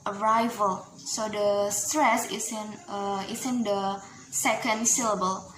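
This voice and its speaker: A young woman from Indonesia with an Indonesian accent, a student explaining a class topic with examples, halting and full of "uh" fillers. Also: a little high, a bit bright, roomy sound, slight background noise, poor audio. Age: young adult. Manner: halting, many "uh" fillers, slow careful word examples. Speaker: university student.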